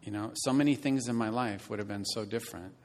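Preaching at a fast pace with fairly low pitch, a fifties-aged pastor earnestly shares a story from his own life. He swings between loud, emphatic statements and softer moments, with slight noise in the background.

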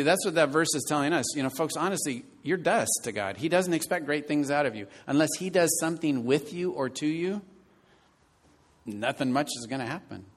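A man in his fifties preaching a sermon, telling a personal story earnestly and moving between loud emphatic lines and quiet ones. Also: mid-range voice. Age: 50s. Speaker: pastor.

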